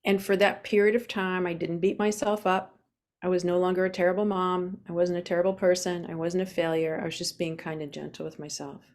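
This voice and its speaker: A woman's voice: fairly low pitch, little pitch movement, fairly quick, a little mellow. A woman in her forties, a guest on an interview show, telling her personal story openly with many fillers. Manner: open, earnest, with frequent fillers.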